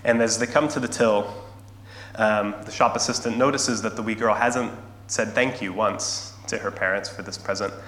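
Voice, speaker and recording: A man preaching a sermon, telling a story earnestly and slowing down and going softer to drive his points home. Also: on the low side, steady tone. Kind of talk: sermon with scripture reading and storytelling. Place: large echoing church hall. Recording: echoey hall, faint hum.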